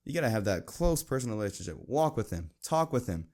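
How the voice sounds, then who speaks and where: Talking fast in a sing-song, darkish voice, the young host of a Christian podcast keeps things earnest and casual. He quotes verses aloud and imitates friends by pitching his voice high.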